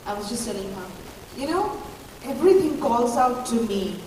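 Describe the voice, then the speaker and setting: Brief: woman, hurried self-mocking panel talk, reverberant event hall, audible noise. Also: fairly high pitch, sing-song, mellow. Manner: chatty, rushed and self-mocking. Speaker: panel guest at a product launch. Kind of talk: casual panel chat. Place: large echoey event hall. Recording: echoey hall, far-off mic, background noise.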